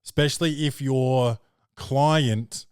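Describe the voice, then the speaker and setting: A slangy young podcast host and comedian chats casually, telling loose, jokey stories. His mid-range voice is fairly even in intonation, slow, a little mellow, clear and resonant. The recording is dry.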